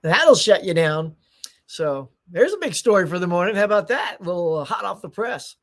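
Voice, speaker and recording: A man's voice: high voice, expressive, normal speed, fairly bright tone. Middle-aged guy hosting a morning stream, chatty, upbeat, laughs a lot, keeps restarting his sentences. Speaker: livestream host. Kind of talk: casual morning livestream chat, greeting viewers.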